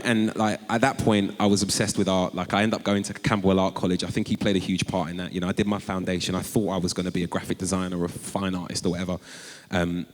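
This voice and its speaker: A low-voiced man tells stories on stage, animated and quick to leap into high-pitched quoted exclamations. His voice rings out with a long reverb through a large chapel hall. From North London. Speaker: author and guest. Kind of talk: conversational storytelling on stage. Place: large chapel before a live audience.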